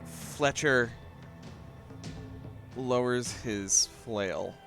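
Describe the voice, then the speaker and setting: Unhurried man narrating as game master. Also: mid-range voice, fairly bright tone, soft background music. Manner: unhurried, descriptive narration with fillers.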